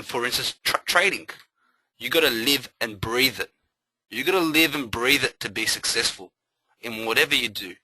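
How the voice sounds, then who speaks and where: A man running a live trading webinar, talking with bright, forceful energy. He drives his points home by repeating phrases in a motivational rush. The sound is close and dry, with almost no room around it. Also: medium pitch, no room sound, low-quality recording.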